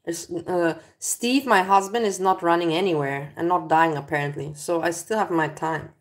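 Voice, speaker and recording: A woman's voice: fairly low pitch, moderate pace, a little hiss or hum. A woman hosting a casual vlog, chatting to viewers and laughing along with her companion. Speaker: vlogger host.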